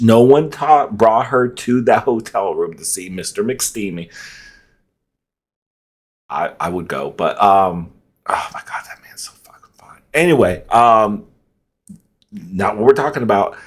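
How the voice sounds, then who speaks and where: A man hosting a reaction video, rambling, joking and interrupting himself as he comments. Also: fairly low pitch.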